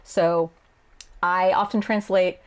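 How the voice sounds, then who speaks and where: A woman translator explaining her work in a casual video lesson, chatty and quick to laugh, acting out quoted lines as she goes. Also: fairly low pitch, fairly even intonation, clean tone. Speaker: Japanese game translator.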